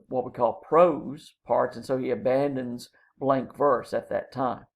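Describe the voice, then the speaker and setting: Gravelly man lecturing slowly on poetry. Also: medium pitch. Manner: explains terms slowly with many ums and uhs. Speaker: college English instructor.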